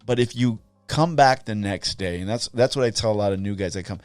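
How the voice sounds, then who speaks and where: A man in his forties, a podcast host talking in an earnest, halting way who often repeats his words. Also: on the low side, a little mellow, no room sound, faint music behind. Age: 40s. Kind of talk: casual podcast conversation.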